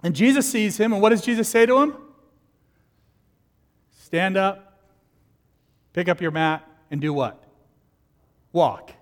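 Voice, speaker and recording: A man preaching a sermon as pastor, lively and animated, acting out the people in his stories. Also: high voice, slow, pauses often, big-room sound.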